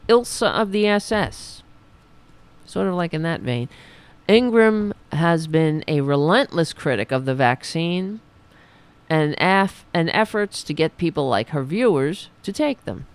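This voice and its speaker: A woman hosting a political commentary show, reading news items and breaking off into sarcastic, profane rants in a slightly raspy voice. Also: low-pitched. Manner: sarcastic, profane, reads news then riffs.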